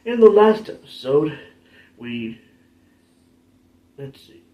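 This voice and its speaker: A man's voice: fairly high pitch, big pitch swings, slow, dull audio. Rambling man doing casual game commentary. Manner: rambling, jokey, self-deprecating. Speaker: gaming channel host.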